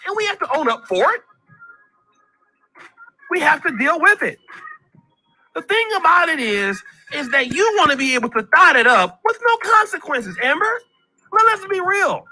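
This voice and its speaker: A man's voice: extremely high pitch, sharp tone. A man hosting a commentary vlog, ranting in a preachy way, repeating himself and calling out people by name.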